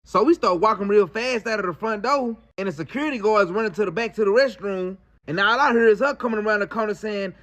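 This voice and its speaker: A man telling a story in casual slang, animated and acting out the people in it. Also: high-pitched, quick pace, hardly any pauses. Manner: animated, slangy, acts out quotes.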